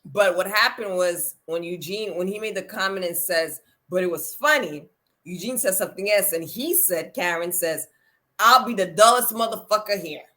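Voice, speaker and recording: Animated woman recapping reality TV. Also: normal speed. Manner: animated, acts out quotes with big pitch jumps. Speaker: reality TV podcast co-host. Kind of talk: casual chat.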